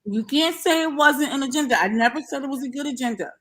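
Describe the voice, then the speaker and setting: A woman hosts a casual chat and talks in a fired-up, animated way, often acting out what others said. Her voice sits on the high side. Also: quick pace. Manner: animated, fired-up, quotes people in mock voices. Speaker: host.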